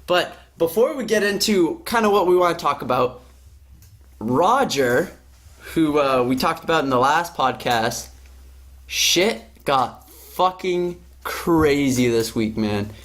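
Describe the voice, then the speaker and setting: A podcast host whose voice sits a little high talks at a slow pace. He's swapping casual conversation, telling an animated work story and swearing freely along the way.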